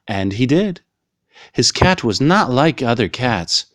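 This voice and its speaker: A man reading a children's picture book aloud in slow, clearly paced storytelling. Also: mid-range voice, sing-song, a bit bright, dry recording, clean studio sound. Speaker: reader.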